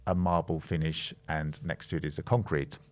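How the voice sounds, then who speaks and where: A man's voice: a bass voice, fairly even intonation, moderate pace. A middle-aged man from the Netherlands, a design studio's creative director, speaking as a guest in a podcast interview, thoughtful and hesitant with frequent restarts.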